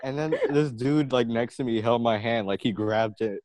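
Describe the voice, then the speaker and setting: A man's voice: mid-range voice, moderate pace, darkish tone, no room sound. A young man co-hosting a casual podcast chat with friends, telling stories and acting out what others said. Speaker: podcast co-host.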